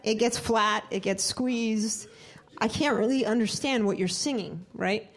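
A choir director with a slightly high, unhurried voice teaches a live group how to sing vowels. She keeps it interactive, asking the singers questions and singing short demonstrations.

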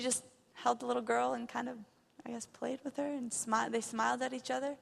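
A woman's voice: on the high side, little pitch movement, brisk, creaky, few pauses, long reverb tail. A young woman giving an earnest missionary testimony in church, growing impassioned as she retells a story. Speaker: missionary speaker. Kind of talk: testimony sermon. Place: church hall.

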